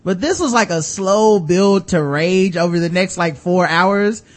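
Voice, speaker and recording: A man's voice: high-pitched, unhurried. A man hosting a casual movie review chat, laughing often and acting out voices of the people he mocks. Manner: laughing, animated, acts out quoted voices.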